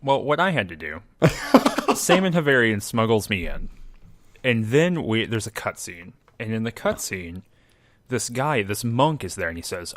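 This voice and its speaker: Low-ish guy telling his game story, dry sound, acts out the lines, kinda wry. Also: unhurried, dry recording. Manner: wry, animated storytelling with quoted dialogue. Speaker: podcast co-host. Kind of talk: casual chat recapping a video game.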